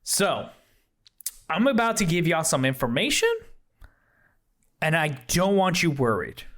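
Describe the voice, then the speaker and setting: A rambling, flustered young plant-shop guy, put on by a game master, blurting things out in bursts. His voice sits a bit higher than most men's. The whole thing plays as a tabletop role-play scene. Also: sing-song, unhurried, fairly bright tone. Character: frazzled young male ex-plant-shop worker.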